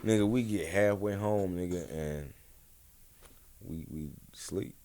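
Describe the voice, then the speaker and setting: A rapper from Atlanta, USA, speaks as a guest on a casual podcast interview, telling stories in a laid-back, slangy, rambling way. His voice is low-pitched and dark-toned, and he talks at a slow pace.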